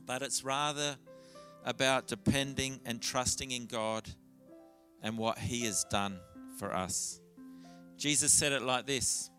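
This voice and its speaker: A man's voice: mid-range voice, slow pace, sharp tone. Earnest male preacher, faint music behind. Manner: earnest, candid preaching with frequent restarts. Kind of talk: sermon.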